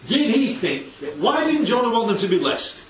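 A man's voice: very high voice, big pitch swings, moderate pace, a crowd in the background. A man preaching a conversational sermon, often throwing rhetorical questions at his listeners. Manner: chatty, asks the congregation rhetorical questions. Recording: echoey hall, distant, dull mic.

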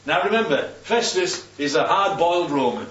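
A man's voice: a little high, expressive, moderate pace, fairly bright tone. A man preaching a Bible sermon in a conversational way, often checking in with "yeah?". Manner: conversational, keeps asking "yeah?". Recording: distant, roomy, dull recording with faint hum.

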